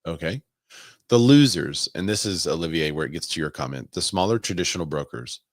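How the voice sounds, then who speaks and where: A man's voice: very deep voice, fast talker, a bit bright, no echo, clean studio sound. A man hosting a casual podcast, chatting and reading listener comments and articles aloud, with asides and laughs. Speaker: podcast host.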